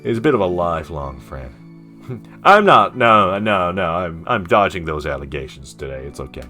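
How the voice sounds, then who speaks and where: A man's voice: deep voice, animated, moderate pace, bright, forceful tone, soft background music. A man streaming a dating game, reading its dialogue aloud with playful, self-mocking asides. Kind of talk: casual let's-play commentary, reading dialogue aloud.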